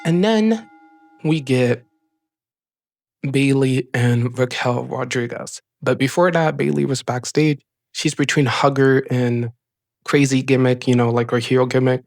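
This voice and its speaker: An excitable man runs through a recap at a middling pitch, rambling along and leaning on "like" between thoughts. His voice is close and dry, with no room sound around it. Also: a little slow, no echo. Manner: chatty, excited, rambling with many "like" fillers. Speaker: show host. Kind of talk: casual wrestling episode recap.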